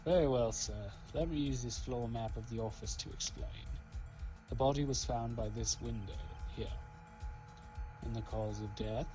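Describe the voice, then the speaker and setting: A man's voice: mid-range voice, moderate pace, natural voice, rough recording. A man voicing a dim, dutiful detective in a put-on British commoner accent, ending every line with "sir". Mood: earnest. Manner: ends every sentence with "sir". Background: game music.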